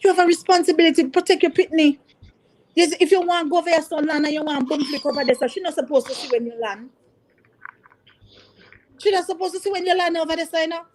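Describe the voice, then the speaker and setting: A woman's voice: very high-pitched, quick pace, pauses often, a little mellow, slight background noise, rough recording. A woman teacher with a Jamaican accent, talking earnestly to parents and mixing in patois. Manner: emphatic, repeats points, mixes patois. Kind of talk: impassioned talk to parents.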